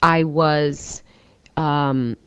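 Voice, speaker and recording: A woman's voice: low-pitched, fairly even intonation, extremely slow, a bit bright, smooth, no room sound. A woman being interviewed, answering casually and laughing often. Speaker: interviewee, recording artist. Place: hotel room. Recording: dull lo-fi dry radio tape.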